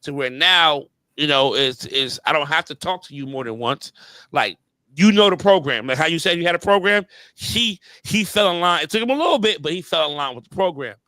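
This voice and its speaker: A man's voice: on the high side, animated, fairly quick, bright, forceful tone, no room sound. A man hosting a podcast, telling stories in casual chat with heavy slang and fillers. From New York area. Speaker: podcast host.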